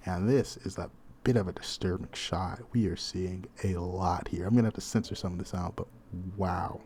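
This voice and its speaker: Low-voiced man casually retelling a manga. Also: normal speed, slight background noise. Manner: casual, animated retelling with asides. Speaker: manga reviewer. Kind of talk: casual storytelling recap.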